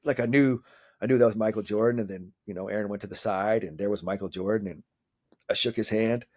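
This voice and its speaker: A man in his forties, a mental skills coach, talking casually in an interview, animated and swearing freely as he acts out what people said. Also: fairly low pitch.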